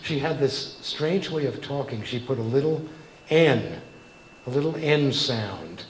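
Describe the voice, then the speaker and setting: A man's voice: medium pitch, normal speed, slight background noise. Older man, cabaret singer-songwriter, wry anecdotes, conversational, roomy echo, faint ambience. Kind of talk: cabaret storytelling between songs.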